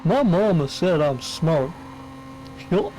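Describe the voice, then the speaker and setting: A man's voice: animated, slow pace, warm tone, slight background noise, rough recording. An Englishman putting on a dopey American guy. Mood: mocking. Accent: American (put on). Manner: high, chanting, dopey. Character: dim-witted boastful American man, mocking caricature.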